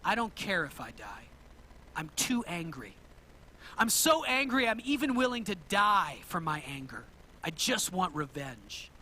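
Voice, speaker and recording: A man's voice: high-pitched, big pitch swings, unhurried, pushed and bright, slight background noise, pitched below the performer's own voice, exaggerated voice. A man retelling a myth in a sermon, voicing a proud, furious young Greek warrior who declares his grudge defiantly. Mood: grim.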